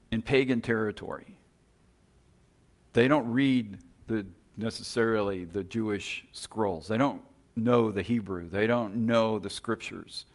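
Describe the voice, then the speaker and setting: A man teaching a sermon in a relaxed, storytelling way, often restarting his phrases. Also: lowish voice. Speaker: preacher.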